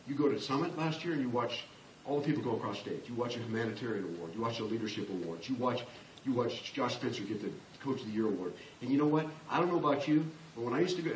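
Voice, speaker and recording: A man's voice: medium pitch, slight background noise. Impassioned man in his sixties, echoey hall. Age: 60s. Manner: impassioned, building to loud emphatic peaks. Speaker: motivational speaker. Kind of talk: motivational business talk. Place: large conference room with an audience. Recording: roomy, distant live-hall recording.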